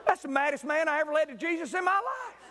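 Male preacher, high and lively, storytelling sermon in a reverberant church hall. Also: fast talker, very noisy. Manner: animated storytelling, jokes with the congregation.

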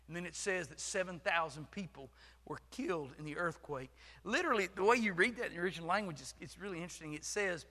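A man preaching a sermon as pastor, swinging from shouting to hushed whispers. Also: a little high. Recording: long hall reverb.

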